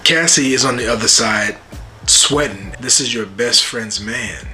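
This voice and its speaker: A man giving a casual, joking recap and reaction to a TV episode, animated and full of slang. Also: medium pitch, measured pace, music in the background. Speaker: YouTube TV reviewer.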